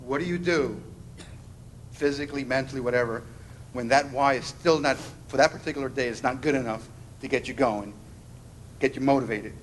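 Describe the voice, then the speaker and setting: A man asking a halting question from the floor of an auditorium, searching for words. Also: medium pitch, a little hiss or hum, poor audio. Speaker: audience member asking a question.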